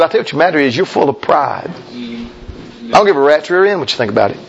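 A man's voice: big pitch swings, fast talker, vocal fry. A man preaching a folksy, emphatic sermon as a pastor, talking straight to his congregation. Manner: folksy, emphatic preaching, mimics objectors in a high voice.

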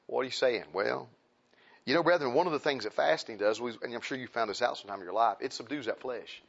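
A man preaching a sermon in a folksy, impassioned way. He repeats phrases and swings between loud and soft. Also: medium pitch, animated, fairly quick, gravelly, pauses often, breathy edge, muffled recording.

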